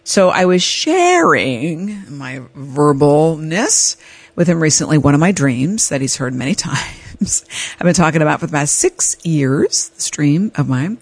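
A woman hosting an advice podcast, telling a personal story in a candid, animated way. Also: sits low, moderate pace, slightly rough, dry recording. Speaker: podcast host.

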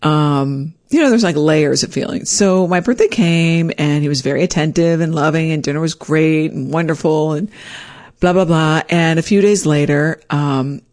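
A woman telling a personal story in an animated, self-deprecating way, leaping up in pitch when she acts out her own words. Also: moderate pace.

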